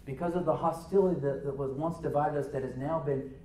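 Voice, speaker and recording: A man's voice: on the high side, fairly even intonation, a little fast, slight background noise. Man preaching in an echoey church. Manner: swings from loud emphatic preaching to hushed near-whispers. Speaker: pastor. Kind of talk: sermon. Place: church sanctuary.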